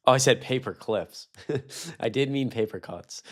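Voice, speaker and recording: Heated, profane young man ranting. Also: medium pitch. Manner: profane, heated, fast swings from shouting to muttering. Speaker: streamer. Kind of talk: ranting live-stream commentary.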